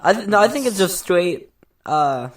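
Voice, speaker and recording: Young man, son co-host, casual snack chat, goofy deadpan, a bit high-pitched. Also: normal speed.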